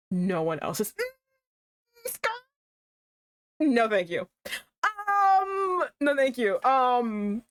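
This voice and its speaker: Animated young woman streamer, lively pitch. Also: slow pace, long pauses, no echo. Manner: animated, swings into high exclaims. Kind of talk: casual gameplay commentary.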